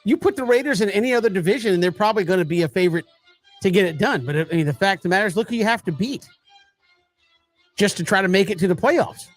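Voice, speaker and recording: A man's voice: high-pitched, animated, fast, faint music behind. A man co-hosting a sports talk show, chatting casually, laughing easily and poking fun at himself. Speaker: co-host.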